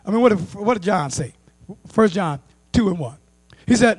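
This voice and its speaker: A male pastor, teaching a Bible study with call-and-response, rising to loud emphasis and dropping to quiet asides. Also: high voice, animated, normal speed, slightly rough, dry recording. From United States. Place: church.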